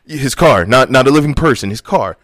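A man's voice: medium pitch, fairly quick. A man co-hosting a podcast, telling a story in casual chat and acting out the people in it. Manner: animated storyteller who acts out quotes. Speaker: podcast co-host.

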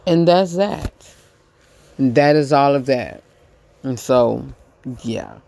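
A man hosting a podcast, giving a casual commentary monologue, halting and repeating himself with many fillers. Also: medium pitch, lively intonation, creaky, a little mellow, no echo. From United States. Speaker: podcast host.

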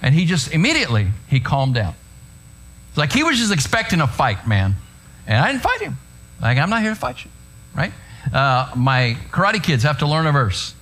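Middle-aged male pastor, slightly high and lively pitch, chatty anecdotal sermon delivery. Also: moderate pace. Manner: conversational, anecdotal preaching with frequent "right?" asides.

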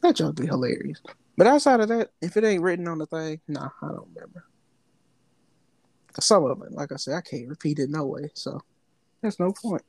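A man's voice: on the high side, expressive, fairly quick, creaky, a little mellow, no echo. A man co-hosting a podcast, talking loosely in slang and laughing often as he tells stories. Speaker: podcast co-host. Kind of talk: casual chat.

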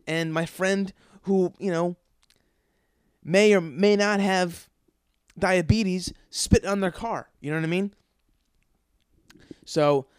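A man's voice: high-pitched, clear, resonant tone, no room sound, clean studio sound. A man hosting his own podcast, ranting casually and comically with lots of swearing and rambling restarts. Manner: profane, grumbling, rambling with restarts. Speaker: podcast host. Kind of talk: casual comedic rant.

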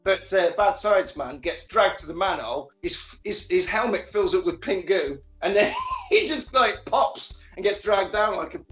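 A man casually recapping a film as a podcast co-host, animated and sweary, acting out characters' lines. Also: high-pitched, normal speed, roomy sound, faint music behind.

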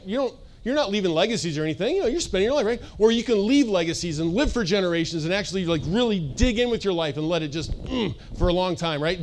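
A man with a high, bright-sounding voice preaches in a loose, conversational way. He is middle-aged and energetic, tossing asides and questions to his listeners as he goes. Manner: energetic, conversational, sings snippets and jokes with the audience. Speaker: pastor. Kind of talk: sermon.

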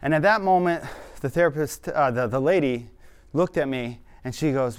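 A young man telling his own life story quickly and earnestly, with now and then a self-aware laugh. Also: on the high side, lively intonation. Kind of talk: personal storytelling talk.

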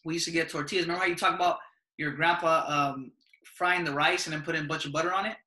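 A man's voice: a little high, fairly even intonation, fast talker, pushed and bright, reverberant. A young man in casual podcast chat, telling stories with lots of slang and frequent laughs. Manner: laid-back slang-heavy storytelling, laughs often. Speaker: podcast host.

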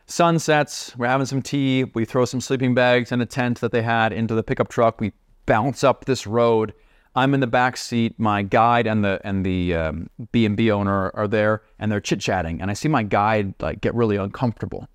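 A man who is a podcast guest, telling a story in an animated, chatty way with lots of asides. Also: on the low side, normal speed, dry recording, studio quality. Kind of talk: casual storytelling.

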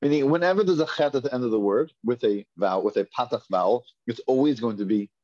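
A man's voice: medium pitch, quick pace, darkish tone. Patient man teaching Hebrew reading. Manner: patient, repeats and drills pronunciations. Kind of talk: classroom reading lesson. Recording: dull lo-fi classroom recording.

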